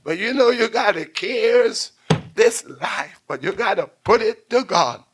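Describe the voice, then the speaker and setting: Man, preacher, high pitch, slow delivery, surging shouts and hushed asides. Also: animated. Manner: preaches in bursts, shouting then dropping to near-whispers. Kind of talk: call-and-response sermon.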